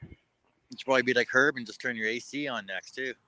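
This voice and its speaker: A man's voice: mid-range voice, steady tone, fairly quick, sharp tone, poor audio. A man calls in by video to a livestream, chatting easily and chuckling. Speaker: livestream guest. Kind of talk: casual chat.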